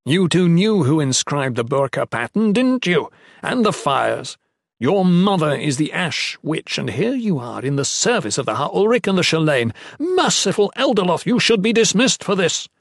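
A man's voice: on the high side, very animated, normal speed, gravelly, dry recording, studio quality, voice pushed up, exaggerated voice. A man voicing a hot-headed male priest who argues in a strained, raised voice. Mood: accusing.

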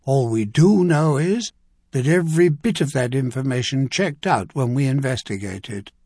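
A man's voice: mid-range voice, lively intonation, normal speed, darkish tone, husky, no echo. Casting: man playing a wry older duke, dry and understated, storybook reading.

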